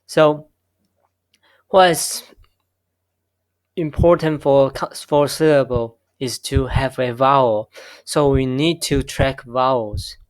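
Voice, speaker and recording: A man giving a recorded linguistics lecture, explaining slowly and correcting himself often. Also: medium pitch, dry recording. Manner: slow, self-correcting explanations with frequent okays. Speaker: linguistics instructor.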